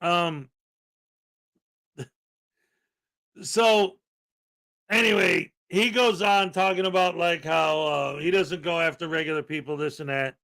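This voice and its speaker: A man's voice: a little high, steady tone, slow pace, creaky, long pauses, fairly bright tone. A man hosting a podcast, telling a rambling story in casual commentary and acting out what others said. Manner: rambling storyteller, laughs, acts out quotes. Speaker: podcast host.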